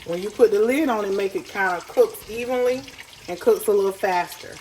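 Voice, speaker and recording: A woman's voice: mid-range voice, a little fast, darkish tone, a little hiss or hum, poor audio. A woman, chatting folksy and direct to viewers as she cooks at home. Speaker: home cook. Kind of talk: casual cooking tutorial. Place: home kitchen. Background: faint sizzling pan.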